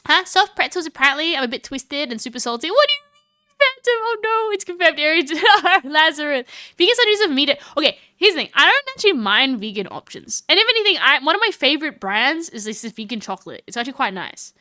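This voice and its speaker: Speaking at a quick pace, a high-voiced woman keeps up lively, casual chatter on her live stream, laughing a lot and stumbling into restarts. The recording is dry, leaving her bright voice with no surrounding room.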